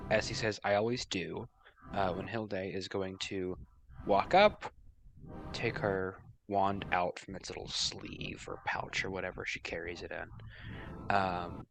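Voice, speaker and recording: A man playing in a tabletop game, speaking slowly and deliberately. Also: sits low, fairly even intonation, gravelly, poor audio. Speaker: player. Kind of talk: casual tabletop play.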